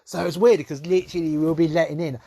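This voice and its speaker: A young man telling a rambling story to camera, laughing often and trailing off quietly. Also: a little high, fairly even intonation, quick pace, creaky, dry recording. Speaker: vlogger.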